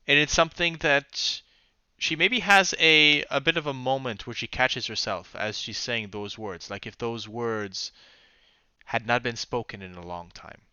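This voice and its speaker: A man's voice: medium pitch, a little slow, sharp tone, smooth, no room sound, muffled recording. A man narrating as game master of a tabletop game, hesitant and often searching for words.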